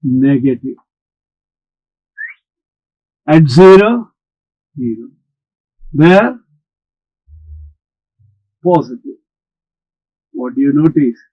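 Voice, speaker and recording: A man's voice: mid-range voice, lively intonation, dark tone, slightly rough, dry recording, dull audio. A man teaching a maths lesson, explaining step by step and answering imagined students. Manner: slow, deliberate explaining, talks back to imagined students.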